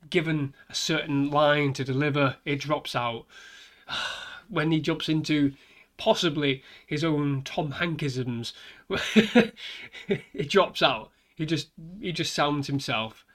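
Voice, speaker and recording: A man's voice: a little high, fairly bright tone. A man giving an exasperated, sighing film review rant, swearing often.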